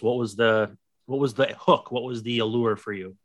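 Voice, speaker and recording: A man hosting a podcast, talking relaxed and loose with lots of fillers and restarts. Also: medium pitch, normal speed. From USA. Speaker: podcast host. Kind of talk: casual podcast chat.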